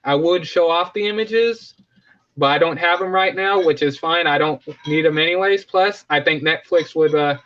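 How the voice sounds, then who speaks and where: A man's voice: on the high side, normal speed, a bit bright, highs cut off. A man hosting a casual live stream, rambling, joking and correcting himself as he talks.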